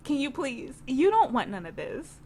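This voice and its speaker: A combative young woman who scolds with sass and heat, as a female gamer puts her on. Her voice is a touch high. She sounds ready to throw punches for her family. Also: big pitch swings, normal speed, mellow, slight background noise. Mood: fiery. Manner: sassy, scolding.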